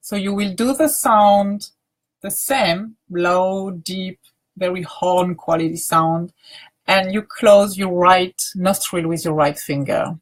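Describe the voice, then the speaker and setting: A woman teacher leading a guided grounding practice, speaking softly with many pauses and restarts. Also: on the low side, fairly even intonation. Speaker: meditation teacher.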